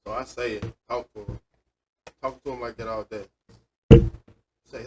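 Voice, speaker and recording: A man's voice: fairly low pitch, moderate pace, pauses often, distant mic, very noisy. A man co-hosting a casual podcast chat, telling a story in an easy way and acting out what people said. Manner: relaxed storyteller who acts out quoted lines. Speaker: podcast co-host.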